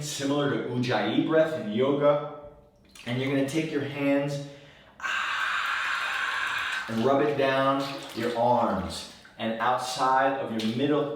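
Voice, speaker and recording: A man, a wellness coach, giving a relaxed, conversational how-to talk from his bathtub, rambling a little and repeating words as he goes. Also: mid-range voice, far from the mic, noisy background. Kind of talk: casual instructional talk. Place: bathroom, in a bathtub. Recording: very echoey room, voice from off the mic.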